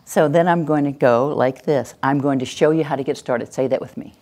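A woman leads a parenting workshop as a live demonstration, talking plainly and then breaking into high, gushing praise. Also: a little fast, a little mellow.

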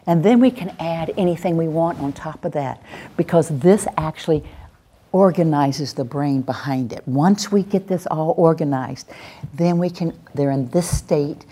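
A parenting and classroom trainer teaches a workshop calmly in a low, husky voice at a moderate pace. She coaches with acted demonstrations, slipping into soft, soothing phrases as she shows how it's done.

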